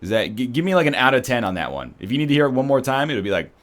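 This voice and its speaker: Canadian guy, playful gaming commentary, lively pitch swings. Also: rapid-fire. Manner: rambling, jokey, sarcastic. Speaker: let's play streamer.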